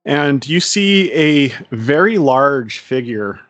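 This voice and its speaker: A man runs a tabletop game, laying out scenes in an even narrating voice. His voice sits mid-pitch, dry and close. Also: slow, no room sound. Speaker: game master.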